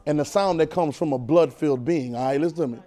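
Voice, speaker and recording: A man's voice: a little high, quick pace, mellow. A man preacher teaching a Bible class, repeating phrases and pulling call-and-response answers from the room.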